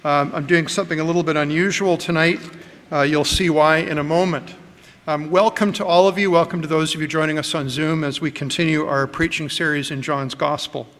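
A man preaching a sermon, earnest and measured, with frequent ums and uhs as he gathers his words. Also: a little high, fairly even intonation, fairly bright tone. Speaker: pastor. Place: church hall with long reverb. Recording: reverberant church hall.

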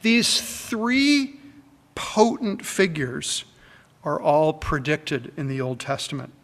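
A man preaching a sermon to a church congregation, emphatic and deliberate, stretching his phrases. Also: fairly high pitch, sing-song. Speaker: pastor. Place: church sanctuary. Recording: long hall reverb.

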